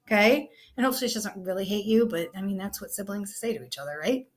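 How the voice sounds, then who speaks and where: Woman, teacher, conversational, filler-heavy, medium pitch, recorded lesson. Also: animated, quick pace, darkish tone. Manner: conversational, many fillers like "okay" and "you know".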